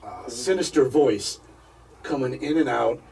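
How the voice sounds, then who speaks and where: A man, a paranormal investigator, telling a personal story as a radio interview guest, halting and repeating words as he goes. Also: mid-range voice, vocal fry, dark tone, distant mic, a little hiss or hum, rough recording.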